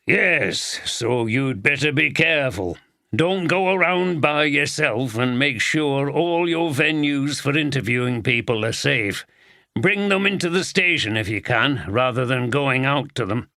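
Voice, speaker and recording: A man voicing a gruff, blunt older police chief with a Yorkshire accent, in an audiobook. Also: mid-range voice, expressive, a little slow, bright, forceful tone, no echo, studio quality. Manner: blunt, swears casually.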